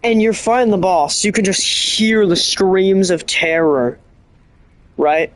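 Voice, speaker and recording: A streamer chatting casually about a game in a rambling, excitable way, often restarting and correcting themselves. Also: medium pitch, slow pace, no room sound. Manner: animated storytelling with bursts of laughter.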